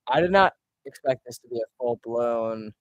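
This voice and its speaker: A man's voice: medium pitch, animated, moderate pace, no room sound, lo-fi sound. A man chatting casually on a live stream while ranking his own videos, rambling, easily sidetracked and swearing often.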